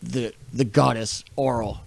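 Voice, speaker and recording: A man voicing a solemn winter spirit in a slow, quiet, halting way. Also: medium pitch, fairly even intonation, gravelly, no room sound.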